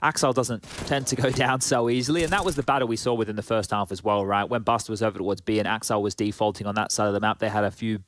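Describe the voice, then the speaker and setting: A man's voice: on the low side, steady tone, quick pace, few pauses, a bit bright. Australian man calling an esports match. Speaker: esports commentator. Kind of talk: live play-by-play commentary.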